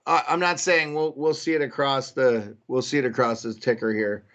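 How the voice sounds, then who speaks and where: Casual gravelly-voiced man hosting a live stream. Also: mid-range voice, steady tone, normal speed, fairly bright tone, lo-fi sound. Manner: casual, greets chat viewers by name, thinking aloud. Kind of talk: live chat commentary.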